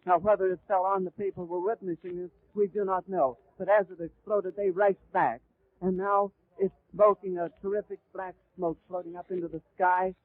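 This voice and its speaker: A man's voice: high voice, steady tone, normal speed, dry recording. A man giving vivid live eyewitness radio commentary, describing the scene in flowing detail with occasional stumbles. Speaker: radio announcer. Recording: tinny, dry 1930s radio recording.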